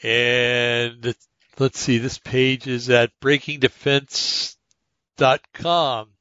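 A man's voice: medium pitch, pushed and bright, no room sound, dull audio. A man hosting a podcast, talking in a rambling casual monologue full of fillers and restarts as he reads articles aloud. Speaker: podcast host.

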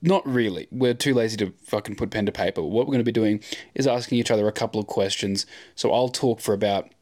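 A man's voice: lowish voice, quick pace, a little mellow. A young Australian man hosting a casual podcast, rambling and sarcastic, swearing freely. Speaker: podcast co-host.

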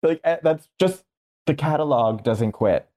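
A man co-hosting a podcast in casual chat, delivering wry, deadpan punchlines. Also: fairly high pitch, unhurried. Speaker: podcast co-host.

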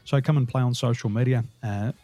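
An Australian man, a guest on an interview, telling lively stories and laughing through them. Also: medium pitch, fairly quick, no room sound, soft background music. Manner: animated, laughs through his own stories. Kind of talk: casual storytelling interview.

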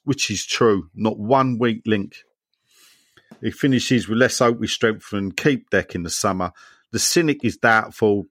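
A man's voice: medium pitch, dry recording, clean studio sound. A man hosting a podcast, reading listener messages aloud and trading jokes with his co-hosts. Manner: jokey banter with co-hosts, animated. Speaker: podcast host.

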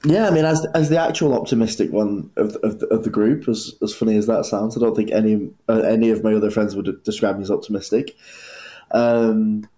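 A man's voice: fairly low pitch, a little fast, dark tone. A man from North West England co-hosting a casual podcast, often hesitating and repeating words as he starts a thought. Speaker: podcast co-host. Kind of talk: casual chat.

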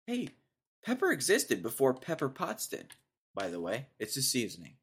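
A man's voice: mid-range voice, wildly swooping pitch, moderate pace, fairly bright tone, breathy edge. A young man hosting his own podcast, rambling casually in a laid-back way about everyday annoyances. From Texas. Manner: rambling, laid-back, says dude a lot. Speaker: podcast host. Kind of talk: solo casual rant.

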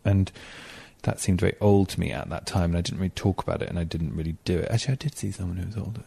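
Low gravelly man, chatty host. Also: racing, warm tone. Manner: chatty, playful asides. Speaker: podcast host reading listener emails. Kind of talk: casual chat.

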